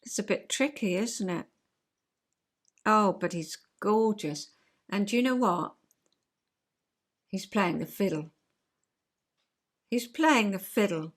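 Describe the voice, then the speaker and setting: Here an older woman from England chats to camera for her vlog, rambling with enthusiasm and the occasional laugh. She speaks slowly at a medium pitch and pauses often.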